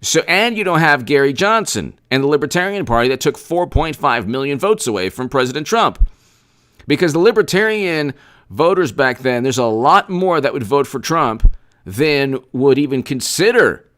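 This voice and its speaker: A man hosting a casual political commentary livestream, animated and repetitive, often restarting his sentences and speaking straight to viewers. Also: medium pitch. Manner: animated, repetitive, mock-quoting opponents, frequent restarts.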